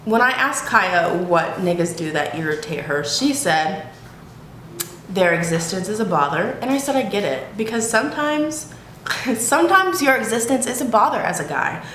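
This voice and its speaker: At a normal speed, a woman with a medium-pitched, fairly bright voice and lively intonation vlogs to camera from home. The YouTuber keeps it casual, frank, and profane, laughing often. Echo and a faint hiss mark the recording.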